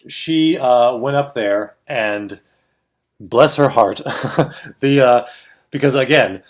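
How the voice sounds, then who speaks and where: A man's voice: mid-range voice, slow pace. A man co-hosting a film industry chat, telling a story casually and animatedly, acting out the voices he quotes and laughing often. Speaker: co-host of a film industry show.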